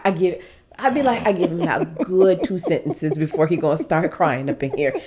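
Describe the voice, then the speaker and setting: Laughing, animated woman podcast host. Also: mid-range voice, fairly quick. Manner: laughing storyteller, mimics her father. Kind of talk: casual chat.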